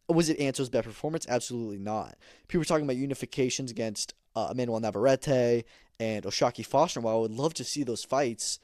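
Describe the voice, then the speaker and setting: A man's voice: medium pitch, fast talker, darkish tone, no room sound, clean studio sound. A man hosting a podcast, giving casual, opinionated combat sports commentary with emphatic repeats and plenty of fillers. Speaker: podcast host.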